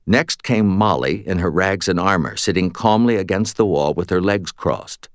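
A man narrating an audiobook in a wry, expressive reading style. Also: sits low, normal speed, no room sound, clean studio sound. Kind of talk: scripted narration.

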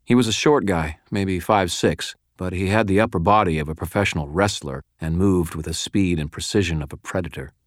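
A man reading first-person fiction aloud in a measured, steady storytelling delivery. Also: low-pitched, dry recording, studio quality. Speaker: audiobook narrator.

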